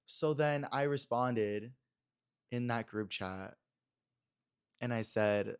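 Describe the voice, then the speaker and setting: A man's voice: medium pitch, takes it slowly, pauses often, clean tone. A young man hosting a podcast in a small room, chatting casually and acting out quotes as he retells a story. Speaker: podcast host.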